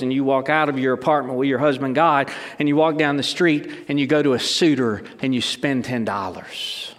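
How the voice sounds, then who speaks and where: A man's voice: medium pitch, normal speed, hardly any pauses, a bit bright. A middle-aged man preaching a sermon in an ordinary mid-range voice. He talks emphatically, restarts his sentences and throws rhetorical questions at his listeners. His words echo with the long reverb of a large hall. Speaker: pastor.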